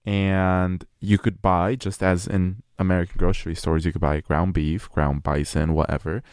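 A man's voice: deep voice, flat delivery, normal speed, darkish tone, clear, resonant tone, no room sound, clean studio sound. A young man from California co-hosting a casual podcast chat, laughing often, swearing and saying "like" a lot. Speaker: podcast co-host.

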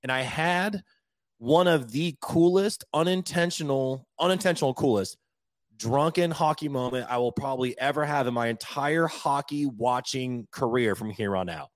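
A young man co-hosting a podcast, telling a story in casual chat, animated and quick to laugh, swearing now and then. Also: medium pitch, no echo. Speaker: podcast co-host.

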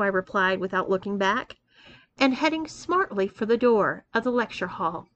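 A woman narrating a first-person story in a measured, expressive reading. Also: mid-range voice, muffled recording.

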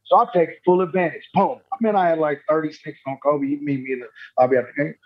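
A man, a former pro basketball player, telling stories in a relaxed, slangy way and laughing often. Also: on the high side, fast talker, lo-fi sound. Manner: laid-back, slangy, laughing storyteller. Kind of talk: casual storytelling chat.

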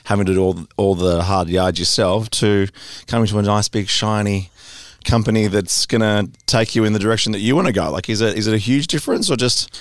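A man's voice: fairly low pitch, fairly quick, no room sound. A man interviewing a musician, friendly, repeating words as he forms his questions. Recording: dry close recording.

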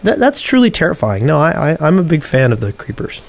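A man's voice: a little high, very animated, a little fast, gravelly. A man co-hosting a casual podcast, chatty and stumbling over restarts while he reads listener mail aloud. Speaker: podcast co-host.

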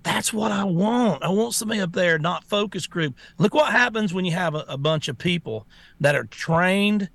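A man's voice: sits high, normal speed, vocal fry, no room sound. A man co-hosting a political talk show, ranting bluntly with many restarts. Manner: blunt, repetitive restarts, animated rants. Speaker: co-host.

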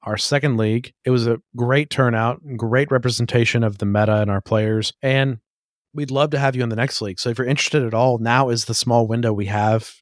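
A man's voice: mid-range voice, steady tone, no room sound, studio quality. A man hosting a podcast, chatting casually and eagerly. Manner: eager, rapid, enthusiastic talk. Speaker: podcast host.

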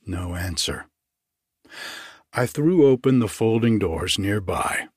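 Husky low-voiced guy reading an old story, slow and formal, dry close sound. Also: big pitch swings, dry recording. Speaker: narrator. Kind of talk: audiobook reading of classic fiction.

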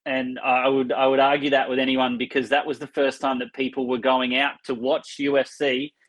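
Man, podcast guest, mid pitch, easy chatty delivery. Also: level tone, moderate pace, low-quality recording. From Australia. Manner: conversational, with many fillers. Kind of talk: casual chat.

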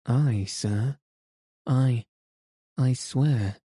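A man's voice: medium pitch, very slow, mellow, husky, dry recording, studio quality. A man voicing an indignant old box keeper woman.

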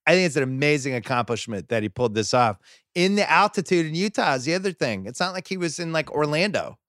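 A man's voice: a little high, expressive, fast talker, a bit bright, no room sound, studio quality. A man guesting on a sports podcast, talking conversationally with emphatic asides. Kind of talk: casual sports chat.

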